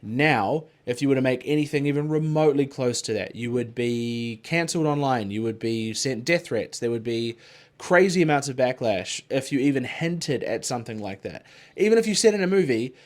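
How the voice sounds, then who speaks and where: A man's voice: mid-range voice, expressive, normal speed. A man co-hosting a podcast, rambling in casual chat, swearing freely and padding his talk with filler words. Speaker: podcast co-host.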